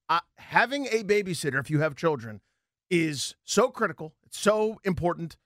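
A man's voice: a little high, lively intonation, normal speed, a bit bright, dry recording, studio quality. A man in his thirties co-hosting a casual sports talk show, ranting comically with repeated punchlines. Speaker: podcast co-host.

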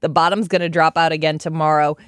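A woman's voice: sits low, level tone, fast, clean tone, dry recording. A woman hosting a morning radio show, giving the weather and bantering with dry teasing. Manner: dry teasing, laughs easily.

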